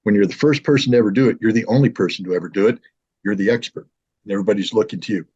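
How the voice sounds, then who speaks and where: A man in his sixties from the United States, telling a personal story in a casual, animated way on his own show. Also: lowish voice, very fast, husky. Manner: animated, with lively mimicry of others. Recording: slightly dull lo-fi sound.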